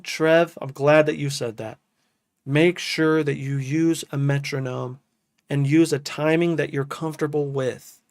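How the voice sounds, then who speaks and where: A man talking casually to his stream, loose and enthusiastic, with "dude" in every other sentence. His voice sits a touch high for a man. The sound is dry and close, with no room around it. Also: gravelly, dry recording. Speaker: music producer streaming to chat. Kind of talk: casual live-stream chat.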